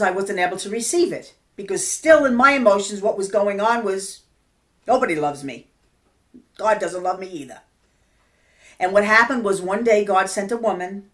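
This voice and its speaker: Earnest older woman minister. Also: mid-range voice. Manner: earnest, conversational, softens into quiet intimate tones. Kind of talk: personal testimony sermon.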